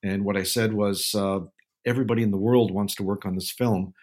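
An older man, a guest film advisor, telling anecdotes in a measured way with frequent filler pauses. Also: fairly low pitch, fairly even intonation, darkish tone. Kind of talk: casual storytelling interview.

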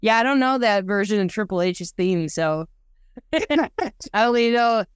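A woman's voice: medium pitch, animated, unhurried, clean tone, dry recording, studio quality. A woman co-hosting a podcast, chatty and giggly in casual talk. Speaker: podcast co-host. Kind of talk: casual chat.

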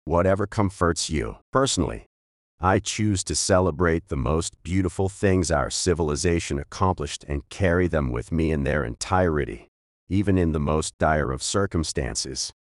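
A man reading the part of a calm, philosophical older man in an audiobook, speaking in a measured, gentle way. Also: very deep voice, no echo, studio quality. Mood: reflective.

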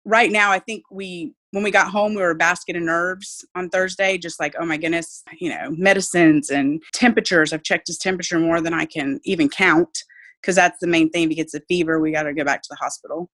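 A woman's voice: on the low side, steady tone, brisk, a bit bright. A woman, a mother speaking earnestly and with faith about her child's illness in an interview. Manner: heartfelt, faith-filled, earnest. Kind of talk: emotional personal interview.

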